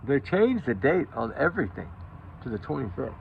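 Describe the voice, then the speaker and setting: A worn-out man talks straight to his viewers in a loose, rambling monologue, circling back to the same words for emphasis. His mid-pitched voice has a gravelly rasp to it. The recording sounds dull and lo-fi. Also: very animated, moderate pace, a little hiss or hum. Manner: rambling, emphatic, repeats himself. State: exhausted from lack of sleep. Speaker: true crime commentary channel host. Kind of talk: casual opinion monologue to viewers.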